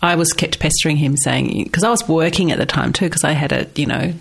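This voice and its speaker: An Australian woman in her forties with a husky voice from a cold, telling animated stories in casual conversation as an interview guest. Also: sits low, a little fast. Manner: animated storytelling, laughs often.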